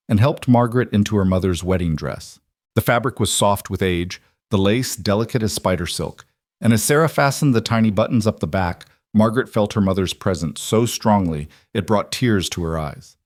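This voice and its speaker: A man narrating a scripted western romance story in a measured, gentle way. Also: fairly low pitch, dry recording, clean studio sound.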